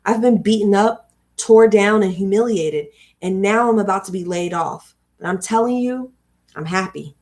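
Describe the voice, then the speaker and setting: A woman's voice: medium pitch, normal speed, a little mellow, lightly acted. A woman voicing a middle-aged divorced man who tells his story earnestly in a put-on accent, read aloud from a book.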